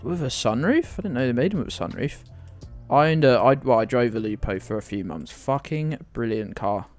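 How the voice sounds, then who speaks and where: Male game streamer, animated, rambling, sweary, self-mocking. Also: mid-range voice, a little fast, faint music behind. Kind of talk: live-stream commentary.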